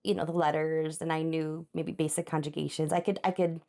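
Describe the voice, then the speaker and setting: A young woman who hosts a crafting channel chats casually while hand embroidering in her home craft space. Her voice is low, level, mellow, and a little fast with vocal fry, as she rambles through a story with many laughs and asides to viewers.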